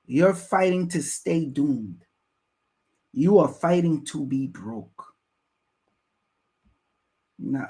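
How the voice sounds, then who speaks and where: A man's voice: a little high, a little mellow. A man reacting to a news clip on a live stream, preaching at his viewers and repeating himself to drive each point home.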